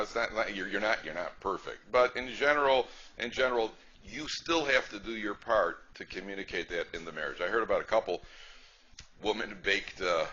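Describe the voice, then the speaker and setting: A deep, pushed, bright male voice belongs to a rabbi teaching a funny, story-driven class. He talks chattily, repeats phrases, and often asks his listeners "right?" Sound quality is dull and lo-fi, with faint noise.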